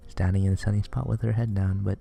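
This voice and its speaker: A man reading a visual novel aloud in a casual, deadpan way, stumbling now and then. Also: fairly low pitch, quick pace, gravelly, soft background music. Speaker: game reader.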